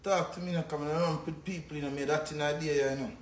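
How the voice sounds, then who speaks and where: A man's voice: on the high side, steady tone, fast, roomy sound, slight background noise. A man with a Jamaican accent ranting angrily on a livestream, cursing and repeating himself. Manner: angry, insulting, cursing, repetitive.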